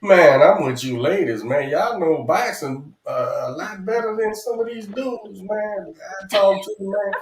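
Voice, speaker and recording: Easygoing male coach, fairly high voice, roomy echo. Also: measured pace, few pauses, slight background noise. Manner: laid-back, says "man" constantly. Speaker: boxing coach. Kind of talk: casual chat.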